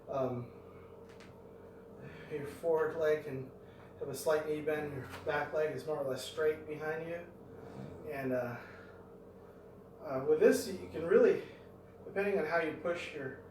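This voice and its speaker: This middle-aged man rambles and thinks aloud while vlogging his home workout. His voice is on the high side, there's a little hiss or hum, and the distant mic picks up an echoey room.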